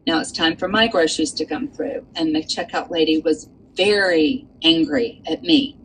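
A woman with a slightly low voice tells a story from her own life, earnest and animated, with plenty of ums and you-knows. A faint hum sits under the recording. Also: moderate pace, low-quality recording. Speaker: author and guest. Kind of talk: storytelling in a casual chat.

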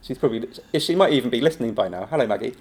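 Rapid-fire and medium-pitched, with a gravelly, fry-edged texture, an improv teacher spins a long anecdote in a relaxed interview. Casual and animated, he laughs often and keeps jumping into quoted voices.

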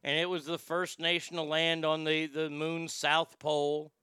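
A man's voice: fairly high pitch, flat delivery, unhurried, pushed and bright, clean tone, no room sound, studio quality. A man hosting a livestream in casual commentary, rambling with stammered restarts and a mocking tone. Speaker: livestream host.

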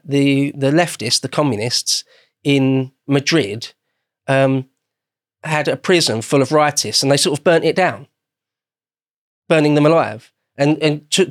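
A man's voice: fairly high pitch, lively intonation, unhurried, no room sound, clean studio sound. An Englishman explaining history as a guest in a casual podcast conversation, meandering and often rephrasing himself.

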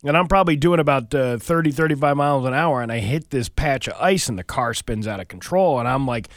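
A man's voice: mid-range voice, brisk, no echo, clean studio sound. A middle-aged man co-hosting a morning radio show, telling stories in a rambling way full of fillers. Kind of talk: casual radio banter. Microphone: studio mic.

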